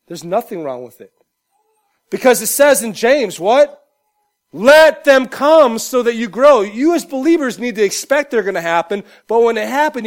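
A young adult man preaching a sermon with a notably high voice. He preaches with animation, rising to near-shouts and then dropping to quiet, joking asides. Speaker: pastor.

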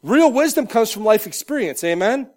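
A young adult man preaching a sermon with a notably high voice. He preaches with animation, rising to near-shouts and then dropping to quiet, joking asides. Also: lively intonation, normal speed. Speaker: pastor.

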